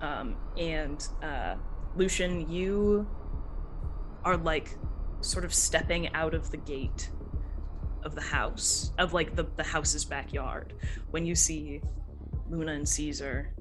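Woman game master, slow pace, lower voice, many fillers, faint noise. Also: music in the background. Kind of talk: narrating a tabletop horror game.

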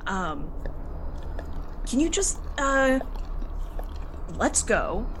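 A woman's voice: on the high side, very animated, drawn-out words, a bit bright, a little hiss or hum, voice pushed up, exaggerated voice. Woman putting on a curt, swearing young woman. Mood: urgent. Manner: urgent, swearing, stammering.

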